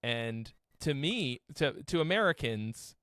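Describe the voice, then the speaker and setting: A man's voice: mid-range voice, animated, takes it slowly, fairly bright tone, smooth, dry recording. Brash, joking man on a dry mic. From Massachusetts. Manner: brash, joking, swears freely. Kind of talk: casual profane chat.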